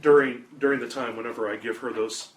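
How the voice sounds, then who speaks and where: A man's voice: mid-range voice, fairly even intonation, quick pace, a little hiss or hum. Joking guy at a game table, swears a lot, roomy echo. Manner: joking, crude. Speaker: player. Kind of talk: casual tabletop game chat.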